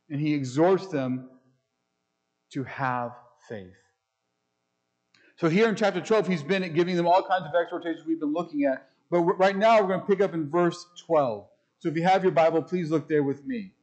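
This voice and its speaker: A man preaching a sermon as pastor, speaking emphatically, asking rhetorical questions and slowing down to read scripture. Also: a little high, a little mellow. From United States.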